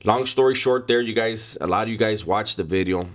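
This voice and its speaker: A man's voice: lowish voice, brisk. A man telling a first-person story in a casual, blunt way, full of street slang and cursing.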